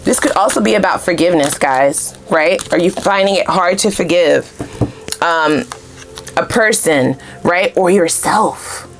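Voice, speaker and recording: Lower-pitched woman giving a blunt, chatty tarot reading. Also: a little slow, slight background noise. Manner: chatty, blunt and profane, with frequent "you know what I'm saying"; swings up into loud high exclamations. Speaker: tarot card reader. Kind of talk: casual tarot reading chat.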